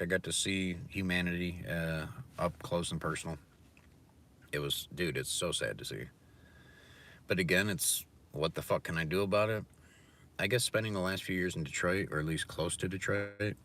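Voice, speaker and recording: Deep-voiced man on a profane rant. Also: a bit bright, slight background noise. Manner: profane, blunt, ranting. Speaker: livestream host. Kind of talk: casual livestream rant.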